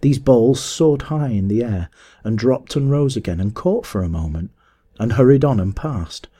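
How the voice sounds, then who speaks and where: A man narrating a classic adventure story as an audiobook, in a measured storytelling manner. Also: medium pitch, husky. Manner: measured, even storytelling that rises to shouts in dialogue.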